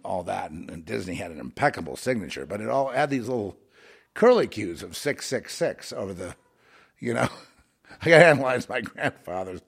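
A man rambling through a monologue, halting and repeating words, dropping to mutters and then rising into heated outbursts. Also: fairly low pitch, sing-song, vocal fry, breathy edge.

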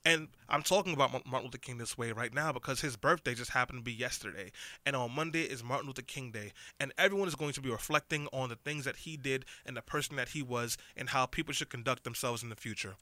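A man's voice: medium pitch, fast talker, pushed and bright, no echo. A man in his late twenties hosting a radio talk show, sardonic and rambling. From United States. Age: 20s. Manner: sarcastic, rambling. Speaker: radio host. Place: radio studio. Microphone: studio mic.

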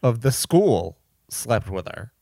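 A man co-hosting a podcast, talking about a movie in a relaxed, jokey way with quick replies. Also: medium pitch, vocal fry, dry recording, clean studio sound. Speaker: podcast co-host. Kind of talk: casual movie chat.

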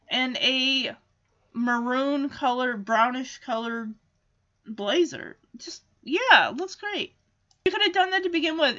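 A woman with a high, bright voice talks through a cartoon episode in casual recap style. She is sarcastic and animated and keeps dropping into quick character voices. The recording sounds a bit dull and lo-fi. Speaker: cartoon reviewer.

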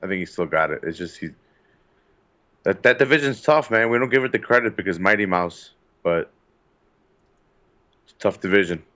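A man's voice: sits low, expressive, moderate pace, pauses often, bright, forceful tone, dull audio. A man co-hosting a casual podcast, laid-back, giving short replies and the odd swear. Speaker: podcast co-host. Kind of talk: casual chat.

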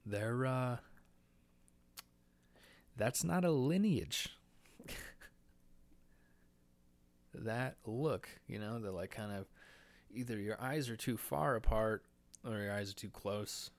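An American podcast host, a young man, talks alone into a mic indoors, rambling in a crude, profane way and laughing at his own jokes. He sounds nervous and a little out of breath. His voice sits on the low side, and he speaks slowly with long pauses.

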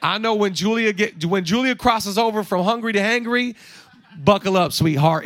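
A pastor in his thirties delivers a playful, energetic sermon, cracking jokes and acting out quotes from the story. His voice is high-pitched at a normal speed with no echo, and he is seated on a stool.

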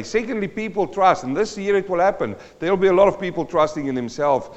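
A fairly high-pitched man delivers a sermon as a pastor, dropping to hushed tones and then rising to loud emphasis. His voice carries a long reverb through the church hall. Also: animated, quick pace, dull audio.

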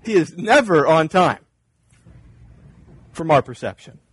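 A man's voice: on the high side, very animated, a little slow, husky. A man preaching a sermon as pastor, earnest and emphatic, repeating his key points.

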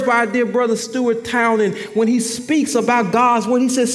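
High-voiced man preaching in a big hall. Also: level tone, normal speed, few pauses. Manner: preaching with emphatic repetition, rising to a shout. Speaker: pastor. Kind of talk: sermon.

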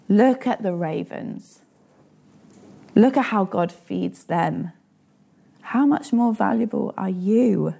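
A woman's voice: medium pitch, lively intonation, slow, creaky, pauses often, mellow, husky. A woman in her thirties preaching a sermon in an earnest, personal way and asking the listeners direct questions.

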